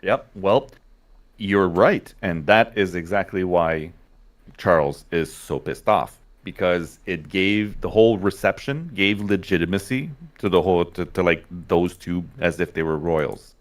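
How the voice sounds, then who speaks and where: A man's voice: sits low, measured pace. A man co-hosting a casual livestream, explaining things in an opinionated way and often checking in with "right?". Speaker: livestream co-host.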